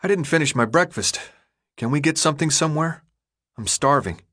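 A man's voice: fairly high pitch, lively intonation, fairly quick, a bit bright, voice pushed up. A man playing a curious, confused teenage boy. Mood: questioning. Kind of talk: audiobook character voice.

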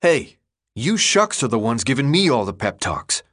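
A man voicing a gloomy teenage boy leader who mutters in a low, resigned way. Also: big pitch swings, moderate pace, a bit bright. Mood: determined.

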